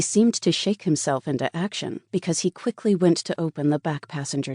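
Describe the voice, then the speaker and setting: A woman's voice: low-pitched, normal speed, few pauses, warm tone, no room sound, studio quality. A woman narrating a first-person romance audiobook in an earnest, intimate way.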